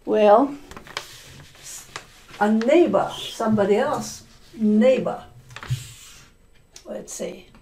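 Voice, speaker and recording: A woman teacher tells a story at a very slow, deliberate pace. She stops often to explain and repeat words in a mellow, slightly high voice, and faint noise hums underneath. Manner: explains words, repeats them, asks "Okay?". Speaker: language teacher. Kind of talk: story-listening lesson, retelling a story.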